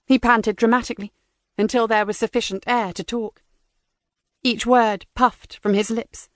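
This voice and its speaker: A woman narrates a crime audiobook in a measured, tense manner. Her voice sits a little high and is recorded close on a dry studio mic. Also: steady tone, dry recording. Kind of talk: scripted narration.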